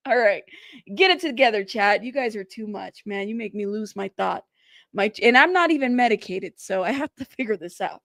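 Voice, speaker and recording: A woman's voice: mid-range voice, expressive, moderate pace, vocal fry, a bit bright, no echo, clean studio sound. A young adult woman hosting a casual livestream, chatting with viewers, reading their comments aloud and laughing often. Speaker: livestream host.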